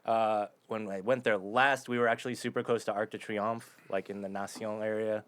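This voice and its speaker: A man's voice: on the low side, level tone, moderate pace, a bit bright. A man co-hosting a podcast, chatting casually and rambling hesitantly with many fillers. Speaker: podcast co-host. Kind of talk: casual chat.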